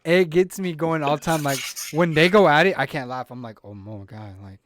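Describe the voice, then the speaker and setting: A young man co-hosting a casual podcast, relaxed and slangy, telling a story about coworkers. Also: a little high, fairly quick. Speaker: podcast co-host.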